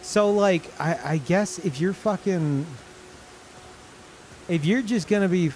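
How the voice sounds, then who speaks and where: Male streamer, higher pitch, swearing and incredulous, unhurried delivery. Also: a little hiss or hum. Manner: excitable, incredulous, swears often, laughs a lot. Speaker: game streamer. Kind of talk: live gameplay commentary.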